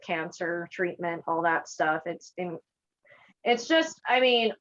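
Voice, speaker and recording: A woman's voice: fairly low pitch, fairly bright tone, dull audio. Playful, blunt woman cutting in. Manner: playful and blunt, jumps in with quick jokes. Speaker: interview guest, cosplayer. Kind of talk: casual chat.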